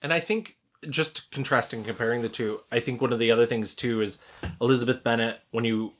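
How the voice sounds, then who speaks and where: A man co-hosting a podcast, chatting casually about films in a relaxed, agreeable, jokey way. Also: medium pitch, fairly quick. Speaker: podcast co-host. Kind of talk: casual film chat.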